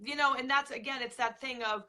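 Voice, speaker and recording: A woman's voice: high voice, steady tone, fairly quick, bright, forceful tone, soft background music. A woman hosting an interview, reflecting on the guest's story in an affirming way. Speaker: podcast host. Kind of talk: interview talk.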